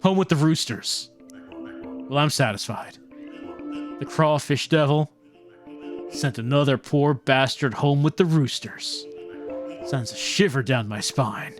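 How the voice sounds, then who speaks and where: A streamer voicing a small, energetic, pompous male film director who barks insults and orders, over faint game music. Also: medium pitch, takes it slowly, pauses often, natural voice. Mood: brash. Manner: brash, insulting, bossy.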